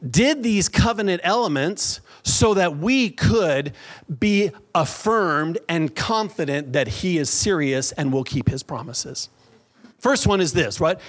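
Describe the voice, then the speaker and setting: High-voiced man preaching a sermon. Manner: energetic preaching with call-and-response to the congregation. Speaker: pastor.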